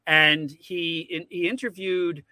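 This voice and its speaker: A man guest in a casual podcast interview who rambles and repeats words when excited. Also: fairly high pitch, takes it slowly, no room sound.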